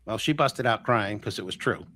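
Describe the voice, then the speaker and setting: A man talking casually as a guest on a live interview show, retelling a personal story with lots of acted-out quotes and quick restarts. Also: lowish voice. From Florida. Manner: animated, acts out quoted voices, restarts often. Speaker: guest healer.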